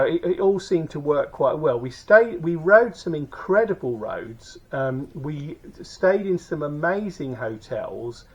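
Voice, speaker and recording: A man's voice: mid-range voice, breathy edge. A man recounting a motorcycle tour in a casual, rambling way, full of fillers and restarts. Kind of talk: casual spoken recap. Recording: dull lo-fi recording.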